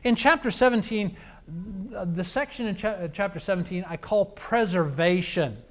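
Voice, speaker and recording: A man's voice: high-pitched, moderate pace, fairly bright tone. A man preaching a sermon, telling a scripture account in a conversational, storytelling way.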